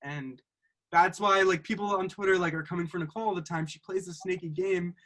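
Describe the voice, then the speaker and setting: A man's voice: high voice, fairly even intonation, a little fast, a bit bright. A man hosting a casual podcast over a remote call, talking eagerly like a fan. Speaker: podcast host. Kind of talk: casual chat.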